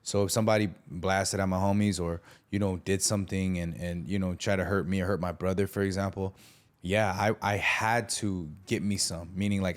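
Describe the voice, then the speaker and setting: A man telling his life story candidly as a podcast guest, using street slang and acting out the voices he quotes. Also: lowish voice.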